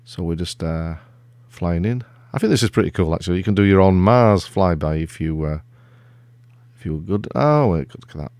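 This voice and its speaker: Low, gravelly middle-aged man hosting a relaxed software walkthrough, self-deprecating and rambling. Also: moderate pace, no echo. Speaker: tech video host. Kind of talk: casual screen-recorded software walkthrough.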